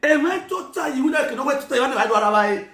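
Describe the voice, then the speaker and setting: A man giving a scolding, mocking rant that mixes Pidgin and Yoruba, often shouting. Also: very high-pitched, animated, fast talker, creaky, echoey room. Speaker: commentator. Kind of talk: ranting commentary.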